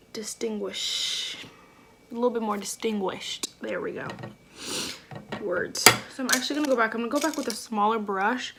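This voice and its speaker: A woman's voice: a little high, vocal fry, fairly bright tone, a little hiss or hum. A woman beauty vlogger chatting through a makeup tutorial at home, gushing and effusive, with lots of fillers. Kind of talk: casual makeup tutorial chat.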